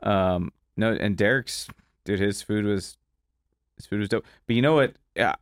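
A man's voice: on the low side, moderate pace, dry recording, clean studio sound. A man hosting a podcast, telling loose, profane kitchen stories with plenty of fillers. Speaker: podcast host, chef. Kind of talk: casual chat.

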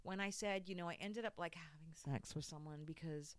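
A woman telling a story in casual chat, acting out what people said, swearing freely and dropping low when she confides. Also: fairly quick, dry recording.

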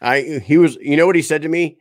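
A man's voice: a little high, fast, no echo, clean studio sound. A man co-hosting a casual podcast, swearing freely, laughing and mimicking his relatives. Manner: profane, laughing, mimics family members. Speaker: podcast co-host. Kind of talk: crude casual chat.

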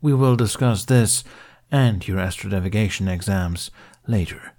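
Man reading as a stern middle-aged male mentor, low voice, clipped, commanding. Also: unhurried, darkish tone.

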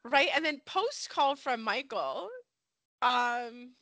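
A woman co-hosting a podcast in casual chat, animated and laughing often, saying "like" a lot. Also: fairly high pitch, slow pace, no room sound. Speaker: podcast co-host. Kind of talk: casual chat recapping a soap opera.

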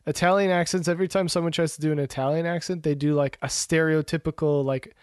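A man co-hosting a casual podcast, rambling in a relaxed way with many fillers. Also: a little high, fast talker, no room sound, clean studio sound. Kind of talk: casual chat about movies and shows.

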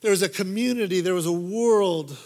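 High-voiced man telling a sermon story. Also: normal speed. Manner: animated, with dramatic swings from loud to hushed. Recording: long hall reverb.

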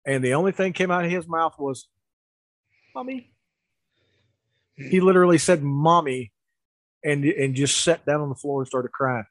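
A man's voice: on the high side, brisk, no room sound, poor audio. Chatty man telling a story, dry sound. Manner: animated anecdote with laughs and restarts. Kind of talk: casual storytelling.

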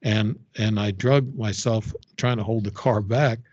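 An older man tells a long personal story as a podcast guest, wandering and restarting his sentences often. His voice sits low, and the recording is dry and a bit dull, with no room sound. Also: steady tone, a little mellow, slightly rough, no room sound. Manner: rambling, halting storytelling with frequent fillers and restarts. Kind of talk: casual storytelling interview.

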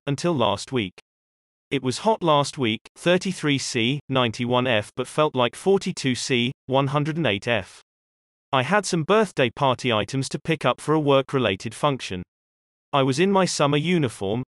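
A man in a middle pitch reads online forum stories aloud at a steady, even pace. The sound is dry and close, with no room echo. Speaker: story reader. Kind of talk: reading online posts aloud.

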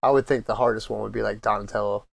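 A man co-hosting a podcast in casual chat, chiming in with quick jokes. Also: fairly low pitch, steady tone, gravelly, no echo. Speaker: podcast co-host.

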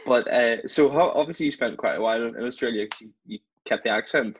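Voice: medium pitch, quick pace, slightly rough, dry recording, dull audio. An interviewer, asking questions in an easygoing, effusive way. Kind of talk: casual interview chat.

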